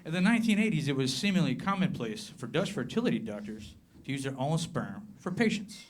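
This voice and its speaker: A man from southern Appalachia with a Southern American accent, performing a stand-up comedy set and slowing his punchlines down to a deadpan. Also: mid-range voice, a little hiss or hum. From southern Appalachia, USA. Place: comedy club with live audience.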